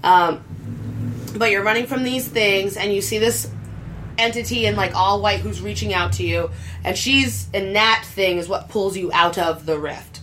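A woman chatting casually about a video game in an easy, rambling way. Her voice sits at an ordinary middle pitch, and she throws in crude jokes as she goes. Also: normal speed, a bit bright, slight background noise.

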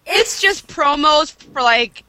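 Woman, high bright voice, playful, chiming in. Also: animated. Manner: playful interjections, quick jokes. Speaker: podcast co-host. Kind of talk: casual chat.

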